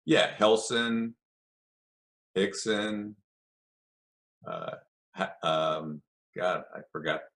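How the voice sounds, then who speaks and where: A man's voice: low voice, very slow, vocal fry, long pauses, fairly bright tone. An older man, a podcast guest, telling long anecdotes in a casual interview and acting out what others said. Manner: rambling anecdotes with acted quotes.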